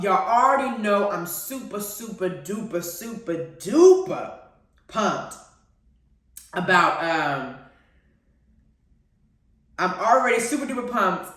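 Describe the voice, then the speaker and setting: Animated woman in an echoey room. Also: medium pitch. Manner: animated, playful, laughing often. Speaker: radio show host. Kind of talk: casual chat reviewing TV shows. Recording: very echoey, far from the mic.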